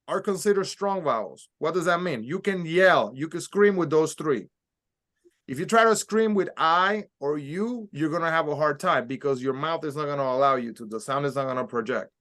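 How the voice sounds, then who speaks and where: A male Spanish teacher, his voice on the high side and a bit bright, leads a recorded pronunciation class. He explains each step patiently and demonstrates sounds for students to echo.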